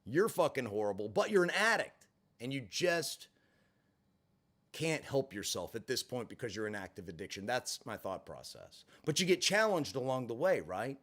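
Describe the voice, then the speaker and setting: A man's voice: medium pitch, sing-song, normal speed, fairly bright tone. A middle-aged man telling a personal story to camera, candid and emphatic, swearing freely. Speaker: vlogger in recovery. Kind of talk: storytelling monologue.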